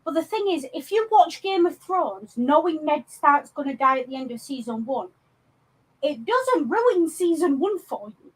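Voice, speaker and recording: A woman's voice: sits high, lively intonation, normal speed, low-quality recording. A woman from England co-hosting a podcast, chatting casually about films with lots of ums and restarts. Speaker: podcast co-host. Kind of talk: casual film discussion.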